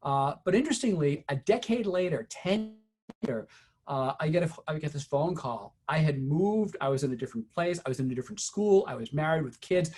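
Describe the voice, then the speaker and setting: A middle-aged man giving a teacher training, telling a story in a conversational, unhurried way with many fillers. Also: on the high side, lively intonation, darkish tone.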